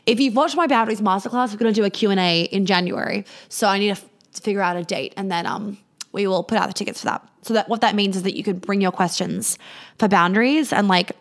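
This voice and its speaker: A woman's voice: mid-range voice, a little fast. A woman hosting a live question-and-answer stream, giving blunt, casual advice with plenty of swearing and fillers, acting out sample replies. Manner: acts out quoted replies in a lighter voice. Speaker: host answering viewer questions on a livestream.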